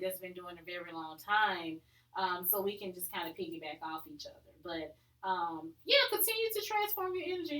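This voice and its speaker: A woman's voice: mid-range voice, bright, forceful tone, roomy sound, poor audio. A woman hosting her own podcast, talking casually and upbeat with plenty of fillers. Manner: chatty and upbeat, many fillers. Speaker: podcast host. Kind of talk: casual solo podcast talk.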